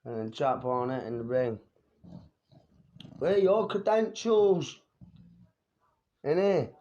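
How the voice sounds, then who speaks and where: A man's voice: on the high side, darkish tone, muffled recording. A young man telling boastful stories of his street fights, swearing and talking streetwise. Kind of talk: boastful fight-story vlog.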